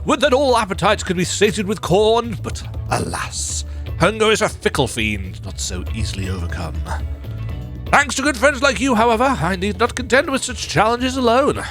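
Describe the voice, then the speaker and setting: A man's voice: sits high, very animated, normal speed, a bit bright, faint music behind, voice pushed up. A man voicing a courtly, corn-loving male cook who speaks in grand, old-fashioned phrases. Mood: flowery.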